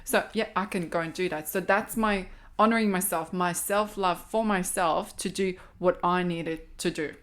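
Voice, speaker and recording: A middle-aged woman with a Croatian accent speaks in a fairly low voice as a guest on a podcast. She talks earnestly and with emphasis, repeating her key phrases, in the slightly broken English of a non-native speaker. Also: fairly even intonation, moderate pace, hardly any pauses. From Balkans. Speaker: podcast guest, life coach. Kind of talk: casual podcast conversation.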